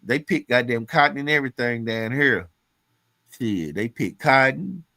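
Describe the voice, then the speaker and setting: A man's voice: medium pitch, lively intonation, moderate pace, vocal fry, pushed and bright, no echo. Man, from Louisiana, casual chat, profane, storytelling, acts out quotes, dry close sound. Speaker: podcast guest.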